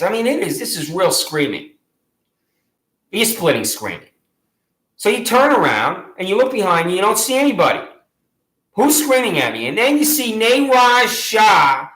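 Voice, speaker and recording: In an echoey room, a man airs his own grievance in the second person, emphatically repeating himself and calling himself by name. His voice sits high and is a little bright.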